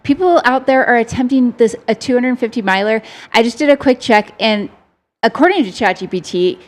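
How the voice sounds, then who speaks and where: A woman's voice: on the high side, animated, a little fast. A woman co-hosting live race commentary, conversational and encouraging. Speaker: livestream co-host.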